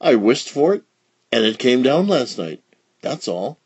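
A man's voice: mid-range voice, sing-song, unhurried, a little mellow, breathy edge, dull audio, heavily acted. A man reading aloud and voicing a plucky, generous little girl in a storybook. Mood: plain.

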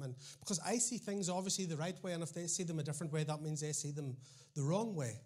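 A middle-aged man with a Northern Irish accent, preaching a sermon with animated storytelling, wry asides and frequent restarts. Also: sits high, fast talker. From Northern Ireland.

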